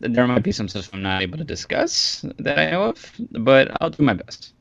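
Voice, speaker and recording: A man's voice: mid-range voice, big pitch swings, normal speed, vocal fry, a bit bright, dry recording, dull audio. A man who works as a voice actor, chatting as an interview guest in an easygoing, joking way over an online call. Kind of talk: casual interview chat.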